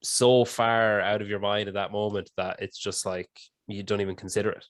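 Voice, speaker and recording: Low-voiced man hosting a podcast. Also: flat delivery, moderate pace, dry recording. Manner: laid-back, asks long rambling questions. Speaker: podcast host. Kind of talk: casual podcast chat.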